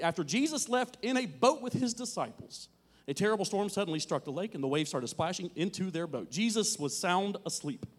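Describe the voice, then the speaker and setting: Dramatic male preacher, slightly high voice. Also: big-room sound. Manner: dramatic, with sudden drops to a near murmur and emphatic swells. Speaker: pastor. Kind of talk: sermon. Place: church hall with teens present.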